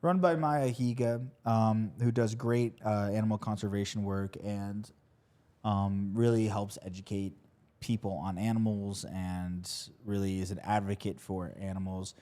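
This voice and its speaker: A man's voice: fairly low pitch, steady tone, a little slow, mellow. A man co-hosting a podcast in loose, jokey, profane banter, with many fillers and restarts. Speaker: podcast co-host. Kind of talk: casual podcast chat.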